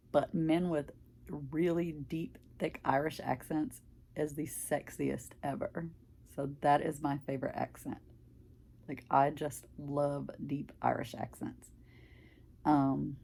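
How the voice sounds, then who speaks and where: An older woman with a deep Southern country accent, chatting in a rambling way while stitching for a craft vlog. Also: vocal fry, mellow, slight background noise. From Mississippi, US. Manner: rambling, chatty, filler-heavy. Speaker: craft vlogger. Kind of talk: casual chat while stitching.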